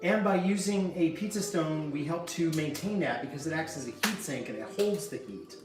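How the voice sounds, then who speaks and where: A man hosting a playful live cooking chat in a home kitchen, gruff and mock-irritable, cursing freely. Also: on the high side, lively intonation, normal speed, roomy sound, far from the mic, music in the background. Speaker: cooking show host.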